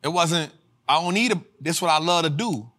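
A male host teaching personal finance to a live audience in a casual, slang-filled way, swinging into sermon-like, sung-out shouts. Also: a little high, normal speed. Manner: preacher-like cadence, rising to shouts. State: tired after a flight. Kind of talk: motivational livestream teaching.

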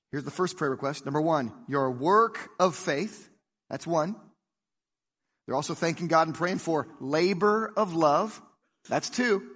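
A man preaching a sermon, animated, sinking low and soft whenever he quotes a prayer. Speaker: pastor. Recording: long hall reverb.

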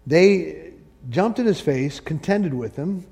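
A male pastor preaching a sermon, animated and joking, acting out quotes from the story and the congregation. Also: a little high, takes it slowly, vocal fry, in a large hall. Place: church sanctuary.

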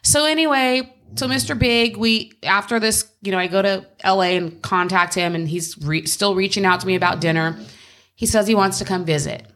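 A woman's voice: medium pitch, moderate pace, a bit bright. Candid, swearing woman telling a story. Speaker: podcast co-host. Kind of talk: casual chat. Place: home.

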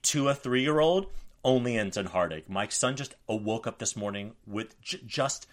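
A man in his forties co-hosting a podcast, telling stories in an animated, profane, self-mocking way. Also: medium pitch, normal speed. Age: 40s. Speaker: podcast co-host. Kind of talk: casual chat.

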